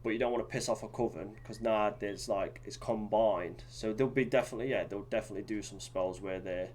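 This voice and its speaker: On a podcast, a male co-host talks fast in a lowish, slightly mellow voice with fairly even intonation. His casual chat rambles, with lots of fillers and restarts, and there's a little hiss or hum in the background.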